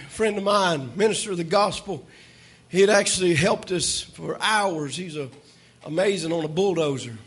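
A man preaching a sermon. His voice sits very high and sounds husky and grainy. He tells his story in a folksy, animated way and now and then breaks into shouts. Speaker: pastor.

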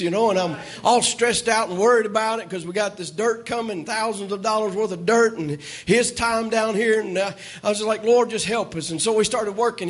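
A man preaching a sermon, telling a folksy story and rising to shouts. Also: high-pitched. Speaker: pastor.

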